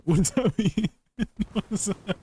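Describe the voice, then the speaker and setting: Male game streamer, casual live chat, slightly high voice, laughs a lot. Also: expressive, unhurried, mellow, husky. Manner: chatty, reads chat aloud, laughs often.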